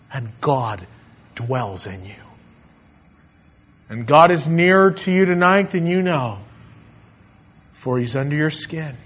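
A man preaching a sermon in a church sanctuary and leading a prayer, earnest, swinging between emphatic lines and hushed ones. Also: sits high, muffled recording.

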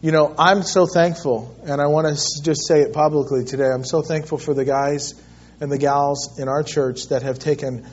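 A middle-aged man preaches in a high, husky voice, telling his story with animated swings between loud bursts and quiet asides. The sermon recording sounds dull and lo-fi. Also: normal speed. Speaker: pastor.

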